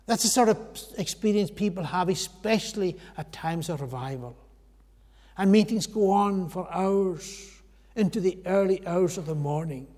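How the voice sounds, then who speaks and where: A man preaching a sermon in a church hall, earnest, rising to loud emphasis and sinking to near whispers. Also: sits high, normal speed. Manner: earnest, swells loud then drops to a hush. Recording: long hall reverb.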